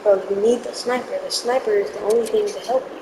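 A woman's voice: mid-range voice, steady tone, a little fast, background noise. A woman giving live gameplay commentary, jumpy and easily spooked, yelping in panic. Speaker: gaming video creator.

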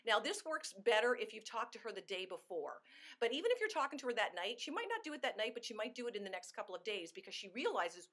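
A woman's voice: on the high side, sing-song, fast talker, fairly bright tone. A woman giving a sales coaching talk, emphatic and acting out sample phone calls. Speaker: sales team trainer.

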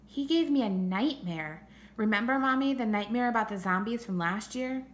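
A woman voicing a whining, excitable little boy in the second grade in a storybook reading. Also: a little high, moderate pace, pitched above the performer's own voice, natural voice. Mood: whiny. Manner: whining, wide-eyed. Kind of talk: audiobook character reading.

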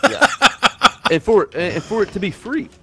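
A man's voice: high-pitched, a little slow, husky. A man hosting a let's play, chatting casually and hyping up his friends as they play. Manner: excited, hyping up the team. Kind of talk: casual gaming chat.

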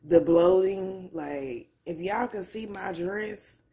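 A woman's voice: medium pitch, slow, warm tone. A woman vlogging casually at home, candid and profane, in pain and close to tears, with a way of talking. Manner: candid, loose, profane, drawling. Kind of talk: casual vlog talk to camera. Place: at home on a couch.

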